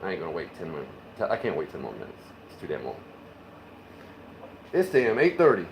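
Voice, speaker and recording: A man's voice: low voice, huge pitch swings, brisk, reverberant, background noise. A man live-streaming his home beer brewing, chatting casually, rambling and swearing as he works in his kitchen. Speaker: homebrewing streamer.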